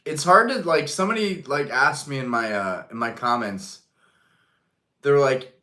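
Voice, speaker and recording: A man's voice: mid-range voice, lively intonation, normal speed, bright, forceful tone. A man hosting a live stream in casual chat, rambling with lots of fillers while answering the chat.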